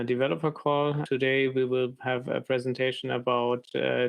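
Hesitant man with gravelly, flat voice. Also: mid-range voice. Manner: hesitant, many fillers. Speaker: presenter. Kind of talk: technical presentation on a developer call.

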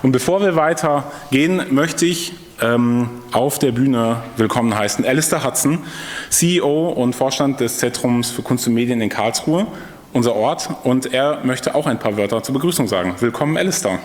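A man's voice: medium pitch, expressive, normal speed. A man hosting a conference, opening the event from a stage in a casual, upbeat way and introducing a speaker. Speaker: event host. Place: stage in a large hall. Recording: long hall reverb.

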